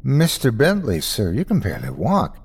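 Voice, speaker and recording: A man's voice: mid-range voice, huge pitch swings, normal speed, creaky, slightly rough, exaggerated voice. A man putting on a caring young office woman. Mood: concerned. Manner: concerned, eager.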